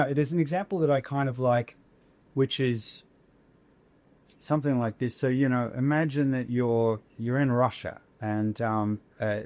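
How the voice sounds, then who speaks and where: A man's voice: medium pitch, darkish tone. A man, an academic guest, explaining ideas in conversation, thoughtful and searching for words with frequent restarts.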